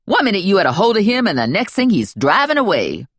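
Brash, sassy sidekick gal voiced by a woman narrator, slangy wisecracks, bouncy pitch, close dry sound. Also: huge pitch swings, fast, breathy edge, no room sound. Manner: brassy, wisecracking, slangy talk.

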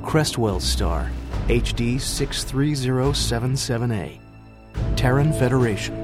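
A man reading scripted narration in a measured, even storytelling manner. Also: mid-range voice, music in the background. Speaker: audiobook narrator.

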